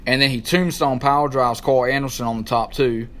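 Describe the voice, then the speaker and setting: A man, co-hosting a wrestling talk show, who recaps matches in an excited, rambling casual way and stops to search for names. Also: medium pitch, brisk.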